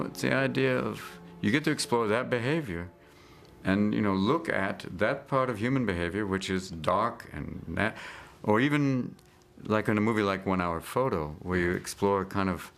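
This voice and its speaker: Gravelly-voiced comedian riffing manically. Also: male voice, deep voice, a little hiss or hum. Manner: manic, jumps between impressions and shouts. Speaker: comedian interviewee. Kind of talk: rapid comic riffing with put-on voices.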